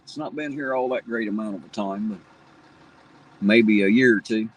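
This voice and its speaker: Husky-voiced man with a slight Southern drawl. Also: lowish voice, moderate pace, low-quality recording. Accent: Appalachian Ohio Valley, slight Southern drawl. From tri-state area where Ohio, Kentucky and West Virginia meet. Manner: folksy, rambling, plainspoken. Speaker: livestream host. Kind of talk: casual live-stream chat, reading viewer comments.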